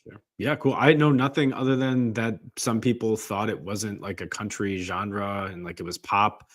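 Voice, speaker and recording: Offhand lower-voiced man co-host. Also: steady tone, moderate pace. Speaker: podcast co-host. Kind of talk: casual chat.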